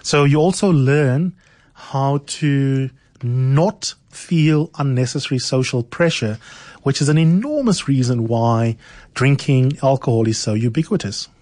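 Male radio host, measured probing questioner, dry close studio sound. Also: mid-range voice, a little mellow, no echo. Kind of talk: radio interview.

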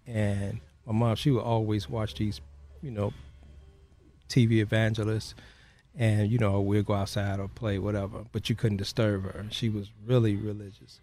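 A man speaks as an interview guest, walking through a personal story in a low, mellow voice. He talks in a halting way, leaning on "you know" between phrases. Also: level tone.

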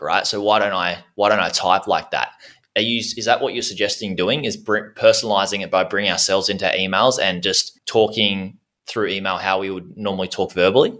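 An Australian man hosting a podcast, talking in a relaxed, chatty way with local slang. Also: lowish voice. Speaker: podcast host. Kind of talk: casual podcast interview.

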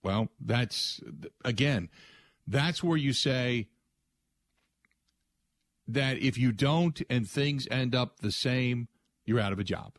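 A man's voice: mid-range voice, takes it slowly, long pauses, no room sound. A man hosting a sports talk radio show, giving an emphatic, rambling opinion monologue with frequent restarts. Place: radio studio.

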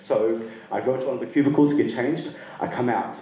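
A middle-aged man from Sri Lanka telling a funny personal story to a live audience, lively and self-mocking, often laughing. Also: medium pitch, a little fast, muffled recording. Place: performance venue. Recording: roomy sound from a distant mic.

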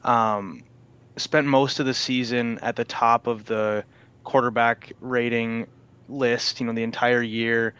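Man, sports podcast co-host, smooth resonant voice, measured analysis, dull lo-fi mic. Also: medium pitch, little pitch movement, a bit bright. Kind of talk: casual sports chat.

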